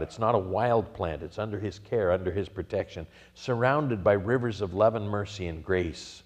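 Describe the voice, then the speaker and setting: A middle-aged American pastor preaches a sermon in a large hall, his voice fairly low and a little mellow. He tells stories, acts out the quotes, and builds to emphatic peaks.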